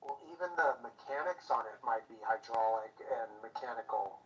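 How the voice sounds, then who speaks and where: A man's voice: mid-range voice, moderate pace, fairly bright tone, highs cut off. A middle-aged man in casual chat who keeps cutting in and swears casually while telling his own story. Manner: chatty, interjecting, swears casually. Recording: distant mic with faint noise.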